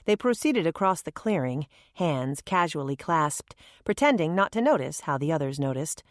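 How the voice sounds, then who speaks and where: A woman narrating an audiobook in a measured, gentle storytelling manner, recorded on a close studio mic. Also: low-pitched, big pitch swings, dry recording. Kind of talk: scripted narration.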